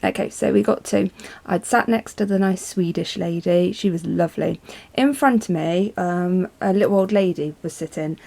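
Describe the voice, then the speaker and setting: A woman's voice: fairly low pitch, moderate pace, creaky, mellow. A woman, telling a rambling, chatty story in a casual vlog. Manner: chatty and rambling, many ums. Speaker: vlogger.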